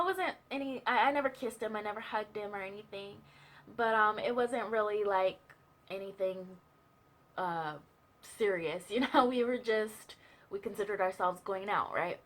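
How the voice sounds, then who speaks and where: A woman's voice: medium pitch, a bit bright. A young woman telling a personal story in a chatty, casual way, full of fillers and asides. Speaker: vlogger sharing a testimony.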